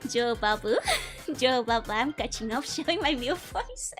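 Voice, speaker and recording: Giggly woman with a squeaky high voice. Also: expressive, a little slow, over music. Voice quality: squeaky, hamster-like. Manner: giggly, chatty. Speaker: streamer. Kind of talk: casual live-stream chat.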